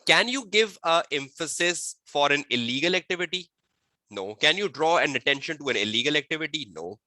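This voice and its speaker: A man tutoring an online exam-prep webinar, firing repeated rhetorical questions at students and dictating model answers slowly. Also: fairly high pitch, sharp tone, dry recording. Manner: slow, deliberate dictation of answer phrasing.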